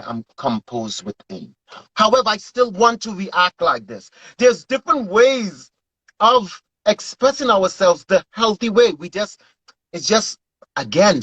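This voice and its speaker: Man, husky voice, lively pitch, earnest, dry close recording. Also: no room sound, low-quality recording. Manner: earnest, animated, repeats himself. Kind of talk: casual chat.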